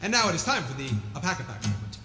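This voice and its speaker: A man's voice: on the high side, sing-song, racing, roomy sound, in a large hall. A man hosting a live music stream, chatting casually between songs in a chatty, self-mocking way.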